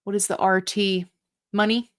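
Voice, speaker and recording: A woman hosts a live stream, answering viewer questions in a casual, chatty way. Her voice sits in the middle range, and she keeps things upbeat with quick fillers and playful asides. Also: medium pitch, flat delivery.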